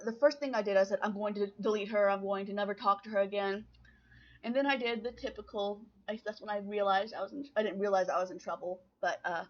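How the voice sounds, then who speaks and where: Young woman, confessional vlogger, hesitant delivery, muffled lo-fi webcam sound. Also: mid-range voice. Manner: halting, full of restarts and fillers. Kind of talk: confessional storytelling to camera.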